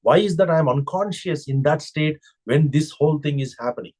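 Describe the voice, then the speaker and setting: A man's voice: on the high side, fairly quick, darkish tone. Man giving a reflective spiritual talk. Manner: reflective, asks rhetorical questions. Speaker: spiritual teacher. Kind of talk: spiritual discourse.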